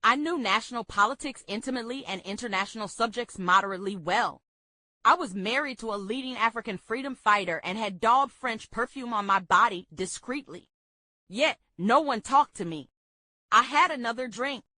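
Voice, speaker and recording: A woman reading a memoir aloud for a book club, steady and measured. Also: a little high, no echo.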